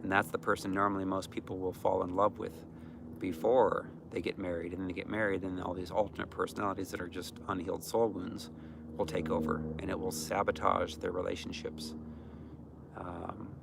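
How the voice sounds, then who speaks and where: A man's voice: low voice, flat delivery, brisk, gravelly, background noise. A man giving an informal, earnest teaching talk on healing, speaking conversationally with many fillers. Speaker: deliverance minister.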